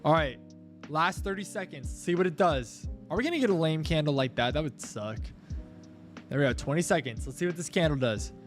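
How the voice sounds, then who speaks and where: A man's voice: on the high side, animated, fairly quick. Young man streaming crypto trades, music behind. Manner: chatty, thanks viewers, coaxes the chart aloud. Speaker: crypto trading livestreamer. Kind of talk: casual live-stream commentary.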